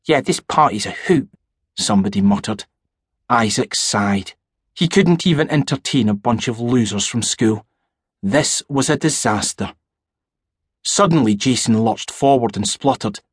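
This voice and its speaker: Male narrator, husky, measured horror storytelling, dry booth. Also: medium pitch, expressive, no room sound. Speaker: audiobook narrator.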